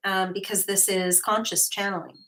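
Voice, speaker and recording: A woman hosting her own livestream, talking casually and often pausing on fillers and restarts. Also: mid-range voice, level tone, fairly bright tone. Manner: chatty, with frequent fillers and restarts; reads viewer comments aloud. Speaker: host, hypnotherapist.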